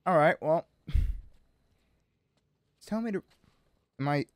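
A young man hosting a gaming channel, joking and excitable as he plays. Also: a little high, takes it slowly, no echo. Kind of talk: let's play commentary.

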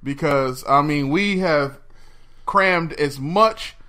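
High-voiced guy cohosting a movie podcast, bright tone, laughs all the time. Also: slow pace. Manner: laughs often, loud and animated. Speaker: podcast co-host. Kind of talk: casual podcast banter.

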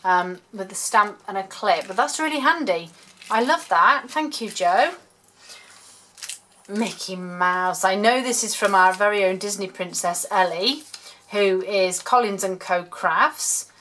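A woman chatting excitedly as she unwraps and shows off handmade craft gifts in a casual home vlog. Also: mid-range voice, rough recording. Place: home room, road sweeper outside. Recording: faint street noise and paper crinkling.

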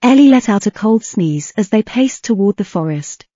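A woman narrates a fantasy fan fiction audiobook in a steady reading with a few slips. Her voice is mellow and warm, close to the mic in a dry room. The recording sounds a little dull and lo-fi. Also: mid-range voice, normal speed, no echo.

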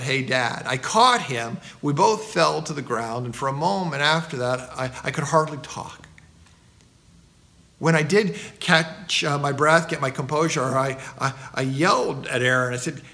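A middle-aged man, a pastor, preaching a sermon and telling stories with a lively delivery. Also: medium pitch.

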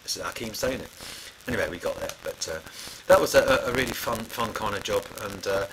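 A man's voice: fairly low pitch, fairly quick, background noise. A middle-aged man telling studio stories in a rambling, casual way, full of fillers and restarts. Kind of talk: casual spoken anecdote.

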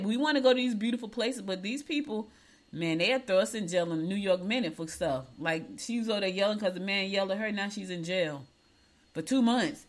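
A woman radio host giving outspoken, chatty commentary on the news in a casual talk-radio style. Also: mid-range voice. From United States.

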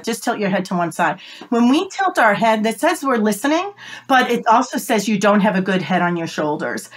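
Fast-talking woman expert. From Boston, USA. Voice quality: self-described whiny, squeaky voice. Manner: fast-talking, emphatic, demonstrates with high-pitched voices. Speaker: guest, body language expert. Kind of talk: animated advice in conversation. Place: home office on a video call. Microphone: video call setup.

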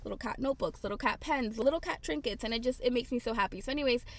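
A young woman chatting casually in a haul vlog, telling stories in an animated way. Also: on the high side, racing. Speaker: lifestyle vlogger.

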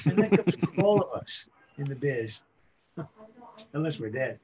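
A man in his seventies, a veteran voice actor, telling animated show-business anecdotes during a casual interview. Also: a little high, a little slow, pauses often, poor audio. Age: 70s. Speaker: voice actor guest.

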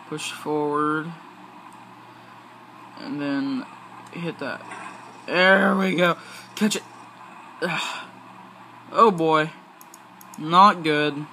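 A man with a high, bright voice gives casual play-by-play of a video game. He talks in a slow, drawn-out way, gets excitable, and talks back at the game. A faint hiss of background noise sits under his voice. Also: low-quality recording. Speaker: gaming channel host. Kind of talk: casual gameplay commentary.

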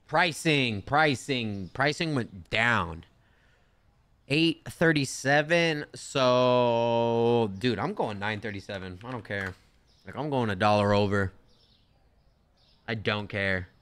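A man's voice: mid-range voice, takes it slowly, fairly bright tone, clear, resonant tone. A young man giving casual, slangy commentary while playing a store game, talking to himself and to the characters on screen. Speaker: gaming streamer.

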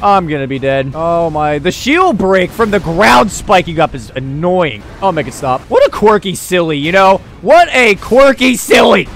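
A young man narrates his gameplay with a high, lively voice that leaps up and down. He is excitable, yelling and joking through the fight. A faint background hiss sits under the voice. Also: moderate pace, few pauses. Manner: excitable, yelling and laughing at the game. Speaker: gaming YouTuber. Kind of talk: let's play commentary.

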